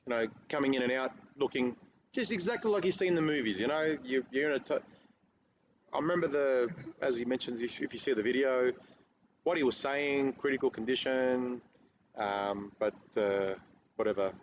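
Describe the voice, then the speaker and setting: A man's voice: mid-range voice, normal speed. A man, a guest telling a rambling story in casual podcast chat. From Australia. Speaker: guest car detailer. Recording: muffled lo-fi audio with faint noise.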